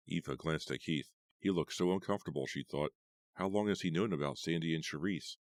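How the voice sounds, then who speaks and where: A man narrating an audiobook in an expressive storytelling manner. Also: a bass voice, a little fast, no echo, studio quality.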